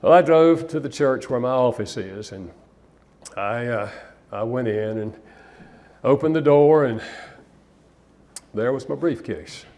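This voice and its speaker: A man's voice: mid-range voice, a little slow, pauses often. An older man giving a talk as a speaker and author, telling stories and acting out the lines he quotes. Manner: animated storyteller, acts out quotes. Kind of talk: storytelling talk.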